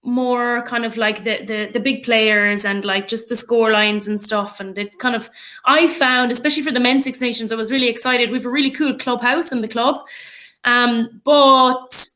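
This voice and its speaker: Irish woman chatting away on a podcast, bright voice, a bit higher pitched, lots of "like"s. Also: normal speed. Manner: chatty and animated, laughs often, many fillers. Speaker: podcast guest, rugby player and coach. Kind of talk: casual chat.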